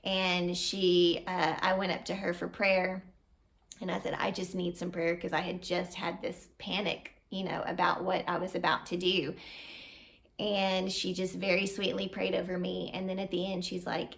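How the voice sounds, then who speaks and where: A woman's voice: lowish voice, little pitch movement, moderate pace, gravelly, fairly bright tone. A woman in her thirties giving an earnest, heartfelt faith testimony at home, encouraging the listener. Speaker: vlogger sharing a faith testimony. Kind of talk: personal testimony to camera. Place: home, at a table.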